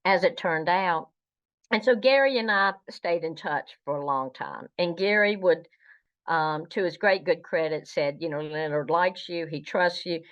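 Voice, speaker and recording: A woman's voice: on the low side, measured pace, a bit bright. A woman from the South, a guest telling stories in a chatty, meandering way. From American South. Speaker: guest, fan historian. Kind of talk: anecdotal interview storytelling. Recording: dull lo-fi recording.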